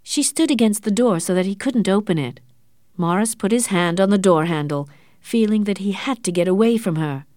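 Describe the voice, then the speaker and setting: A woman narrating an audiobook story with clear, expressive storytelling. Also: medium pitch, moderate pace, no room sound, studio quality.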